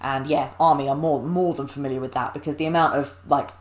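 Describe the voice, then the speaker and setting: A woman's voice: sits low, steady tone, fast, slight background noise. A woman co-hosting a reaction show, giving her opinions at length in casual chat. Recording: echoey room.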